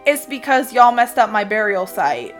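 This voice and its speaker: A woman's voice: medium pitch, big pitch swings, moderate pace, soft background music. Woman doing a teasing prankster ghost lady. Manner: teasing, gossipy, loud. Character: mischievous gossiping female ghost, a prankster.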